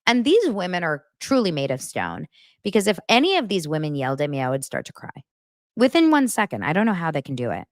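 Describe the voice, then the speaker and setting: A woman with a fairly low voice chats through a reality-TV recap, gossipy and expressive, slipping into the cast's lines as she goes. The sound is dry and close, with no room around it. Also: fast talker, no echo. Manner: gossipy and expressive, acts out quotes. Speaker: podcast host. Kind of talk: casual reality-TV recap chat.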